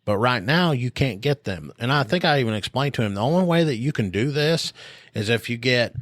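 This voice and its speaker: A man's voice: medium pitch, animated, a little fast, a bit bright, dry recording, studio quality. A man casually telling a story on a podcast, animatedly acting out both sides of an argument on a phone call. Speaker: podcast co-host.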